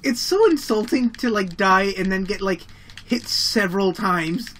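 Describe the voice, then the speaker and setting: A woman's voice: mid-range voice, measured pace, fairly bright tone, slight background noise. A woman playing a game with friends who keeps exclaiming and groaning over her losses in casual chat. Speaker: gaming co-host.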